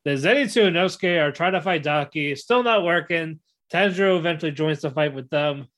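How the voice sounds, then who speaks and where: A man co-hosting a casual podcast, his voice sitting a little high for a man. He talks in loose, rambling bursts and keeps laughing as he recaps scenes. He often trips over his words and starts sentences again. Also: brisk. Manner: animated retelling, acts out characters' lines with laughs; many fillers and restarts. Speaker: podcast co-host. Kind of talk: casual chat.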